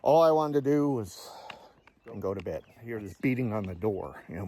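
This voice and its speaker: A man's voice: on the low side, lively intonation, brisk, a little mellow. Blunt older man swapping Navy stories. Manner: blunt, swears freely, acts out dialogue. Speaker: Navy veteran storyteller. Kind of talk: casual spoken war story.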